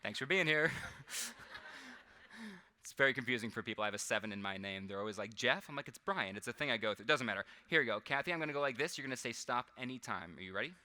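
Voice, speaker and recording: Bright-voiced man joking with a crowd. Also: medium pitch, lively intonation, fast talker. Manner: self-deprecating, chatty, laughs often. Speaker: stage mentalist performer. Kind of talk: live comedic mind-reading act with audience. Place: large convention hall stage.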